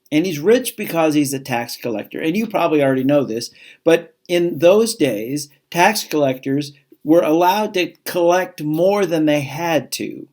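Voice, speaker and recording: A man's voice: fairly high pitch, darkish tone. Chatty man giving a chapel talk. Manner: chatty, self-deprecating, reads scripture aloud. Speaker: school chaplain. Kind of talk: casual chapel talk to students.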